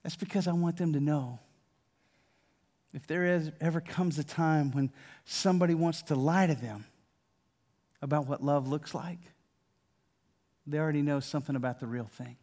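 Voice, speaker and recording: An older man preaching a sermon in a conversational way, often repeating and restarting words, dropping to a hushed voice for key lines and rising loud and animated at others. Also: on the high side, normal speed, long pauses. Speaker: pastor.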